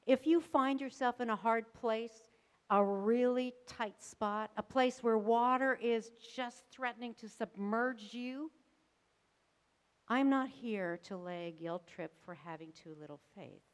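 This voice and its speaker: A woman pastor preaching a sermon, telling the story dramatically with varied emphasis and pauses. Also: on the high side, clean tone. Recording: long reverb of a church sanctuary.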